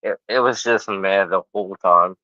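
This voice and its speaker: A man's voice: low-pitched, moderate pace, bright, forceful tone, no room sound, lo-fi sound. A man co-hosting a casual podcast chat, hesitant and rambling with many fillers. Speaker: podcast co-host.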